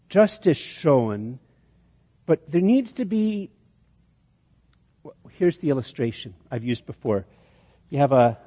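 A man's voice: mid-range voice, mellow. A man preaching a sermon, telling an illustration story and often restarting phrases. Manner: storytelling, repeats words on restarts. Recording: long hall reverb.

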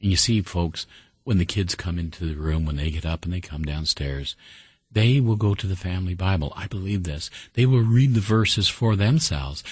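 A man preaching a sermon and telling a folksy story, earnest and steady. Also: deep voice, slightly rough, dry recording.

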